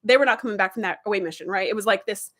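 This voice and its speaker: A woman's voice: medium pitch, racing. A middle-aged woman chatting casually about a TV series, telling it like a story and acting out quotes. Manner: animated storytelling with acted-out quotes. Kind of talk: casual enthusiastic chat.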